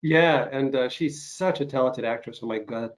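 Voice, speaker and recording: A man's voice: mid-range voice, moderate pace. Male host, recovering from illness, chatty and rambling, full of fillers, on a video call. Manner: rambling, lots of fillers and restarts. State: recovering from covid, some coughing. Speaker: podcast host. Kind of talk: casual interview chat.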